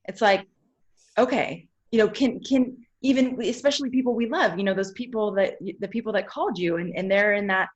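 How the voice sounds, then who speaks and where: A woman's voice: medium pitch, brisk, lo-fi sound. Reflective woman podcast host. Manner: reflective, affirming, searching for words. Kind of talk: podcast conversation.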